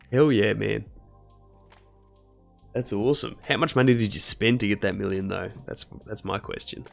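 A man's voice: lowish voice, moderate pace, creaky, a bit bright, soft background music. A young man chatting casually with his live-stream chat while he studies medicine. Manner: casual, chatty, laid-back slang.

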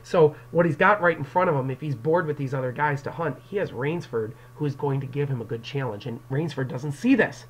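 A man's voice: mid-range voice, a little fast, hardly any pauses, a little hiss or hum, rough recording. A male English teacher giving a recorded classroom lecture to his students on an external microphone, explaining the story and acting out quotes from it. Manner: explanatory, addresses students directly, acts out quotes.

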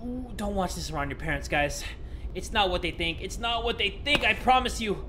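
A young man giving joking let's-play commentary, excitable and crude, with sudden loud outbursts. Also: high-pitched, fairly quick, background noise. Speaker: gaming YouTuber.

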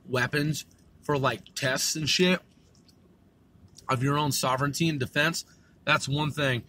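A man's voice: on the high side, fairly bright tone, slight background noise. A man from the United States delivering an angry, profane monologue full of repeated threats. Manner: profane, aggressive, repetitive threats. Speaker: host.

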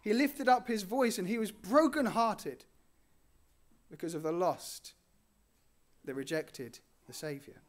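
Earnest higher-voiced male preacher. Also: lively intonation, measured pace, pauses often. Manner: earnest, rising on key phrases and dropping softly at line ends. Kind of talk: sermon.

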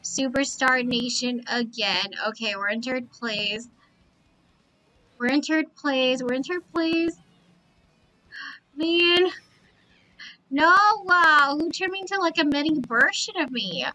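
A young woman live-streaming a racing game, talking with the chat and repeating excited exclamations as she plays. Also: sits high, slow, long pauses, low-quality recording. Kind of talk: excited gameplay commentary.

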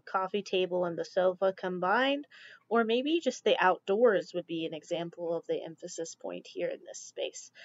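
A woman teacher talking through slides in a relaxed, chatty way, with frequent ums. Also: fairly low pitch, dry recording. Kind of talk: classroom slideshow lecture. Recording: dull lo-fi dry recording.

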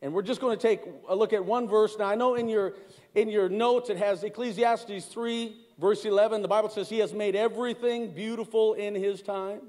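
A man's voice: high-pitched, fairly even intonation, moderate pace, a little mellow, long reverb tail. A middle-aged man preaching a sermon as pastor, speaking conversationally, repeating words and calling out to the congregation. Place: church sanctuary.

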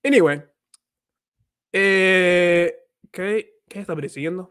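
A man's voice: high-pitched, takes it slowly, a bit bright, clear, resonant tone, no room sound, studio quality. A man hosting a casual livestream, rambling and repeating himself while mixing in Spanish phrases. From United States. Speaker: livestream host, language learner.

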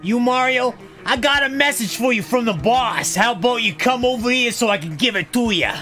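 A man's voice: very high-pitched, expressive, moderate pace, sharp tone, faint music behind, pitched above the performer's own voice, full character voice. A man voicing a tough-talking male tape villain with a put-on New Jersey accent and a swaggering, menacing delivery.

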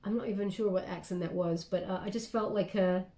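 A woman's voice: mid-range voice, steady tone, a little fast, dark tone. A woman giving a casual spoken tarot reading, chatty and meandering, often checking in with her listener. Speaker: tarot card reader. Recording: roomy echo.

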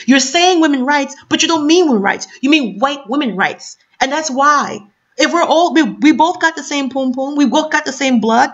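Fired-up woman ranting over an article she's reading, kinda high voice, muffled lo-fi webcam sound. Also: expressive, normal speed. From New York City. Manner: impassioned, emphatic, repeats rhetorical questions, swings between reading and outburst. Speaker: commentary vlogger. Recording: dull lo-fi sound.

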